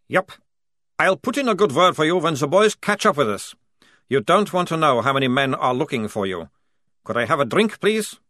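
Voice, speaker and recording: Male reader playing a smug soldier, loud and sarcastic, lively drawl, dry close sound. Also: a little high, moderate pace, no echo, voice pushed up. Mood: mocking. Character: cocky, relaxed enemy sergeant, bound prisoner.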